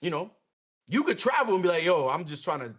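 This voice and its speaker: A man's voice: sits high, very animated, a little fast, a bit bright. A man co-hosting a stream, encouraging his friend in a hypey, profane, casual way. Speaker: co-host.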